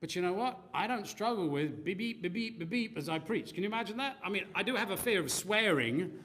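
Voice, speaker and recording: A man preaches a sermon with a high voice and wide swings of pitch. He jokes, breaks into sound effects and keeps a bright, lively edge throughout. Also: fairly quick. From Australia. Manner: animated, joking asides, sound effects. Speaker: pastor.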